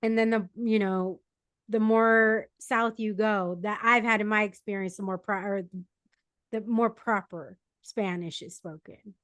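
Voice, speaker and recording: A woman's voice: medium pitch, steady tone, measured pace, fairly bright tone, dry recording. A woman from San Diego hosting a casual podcast interview, asking curious questions and laughing along easily. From San Diego, United States. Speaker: podcast host.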